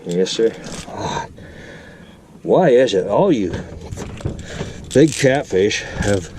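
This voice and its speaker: A man's voice: on the low side, very slow. An older man narrating his fishing trip in a casual vlog, chatting playfully to the fish and his viewers from a small boat. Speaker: angler vlogger. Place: small boat on a lake outdoors. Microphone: boat-mounted camera mic. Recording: outdoor camera audio with steady noise.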